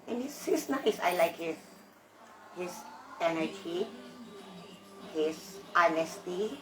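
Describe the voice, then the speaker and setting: A woman vlogging in a casual, rambling chat to her viewers. She sounds sleepy, coughs now and then, keeps her voice deliberately low, and talks haltingly with frequent laughs and restarts. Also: lively intonation, music in the background, poor audio.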